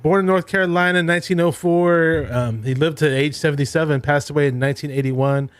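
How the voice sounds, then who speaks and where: A man hosting a casual online show, telling easygoing anecdotes at a middling pitch. His voice is close and dry, with no room sound around it. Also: fairly even intonation, fast, smooth, no echo. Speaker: podcast host. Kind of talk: casual chat.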